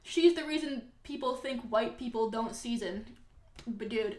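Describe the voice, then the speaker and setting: A woman's voice: high-pitched, lively intonation, fairly quick, reverberant. A young woman chatting casually and sarcastically as she reacts to online comments, sounding exasperated. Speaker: content creator reacting to comments.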